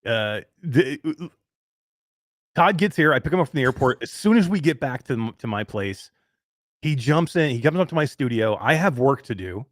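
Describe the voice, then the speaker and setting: A man's voice: mid-range voice, animated, moderate pace, dry recording, clean studio sound. A man hosting a live weekly talk show, teasing his co-host and laughing often.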